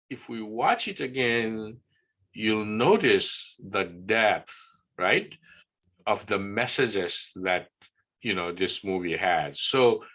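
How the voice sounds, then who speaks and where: An older man talks on a video call in a relaxed, casual presentation, often pausing for "right?". His voice is bright and on the lower side. He speaks slowly and unhurriedly. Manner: relaxed teaching talk with frequent "right?" checks. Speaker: wellness guest speaker. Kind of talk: casual presentation on an online class.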